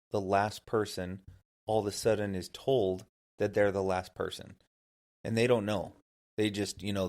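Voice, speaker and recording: Laughing, chatty male podcast host. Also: deep voice. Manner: animated storyteller, laughs often. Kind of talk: casual chat.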